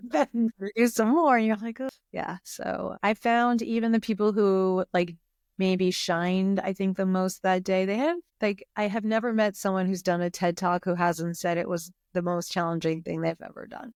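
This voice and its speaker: An expressive woman on a podcast, talking openly and with feeling as a guest. Her voice sits in an ordinary middle pitch. The sound is dry and close, with no room around it. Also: normal speed, clean tone, dry recording. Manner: expressive, emotional, tears up while talking. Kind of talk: casual podcast conversation.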